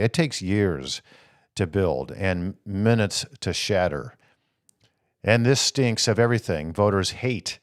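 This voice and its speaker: A man with a fairly low voice hosts a political talk show. He talks in an animated way, throws out rhetorical questions and reads viewer comments aloud before answering them. The sound is dry, with no room echo. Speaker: host.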